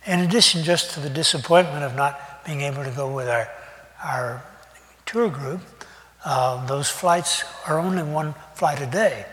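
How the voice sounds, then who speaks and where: An older man giving a sermon, talking in a conversational, folksy way with pauses and fillers. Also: fairly high pitch, a bit bright. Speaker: preacher. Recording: long reverb of a hall.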